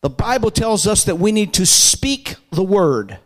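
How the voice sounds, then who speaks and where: High-voiced guy preaching, fired up, shouts the big lines and has the church repeat after him. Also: big pitch swings, unhurried, low-quality recording. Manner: fervent, rises to shouted emphasis, call-and-response. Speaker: pastor. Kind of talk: sermon.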